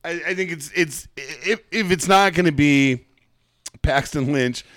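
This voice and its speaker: Man, co-host, blunt, emphatic, swears, slightly high voice, dry sound. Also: unhurried, fairly bright tone, no echo. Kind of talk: casual sports chat.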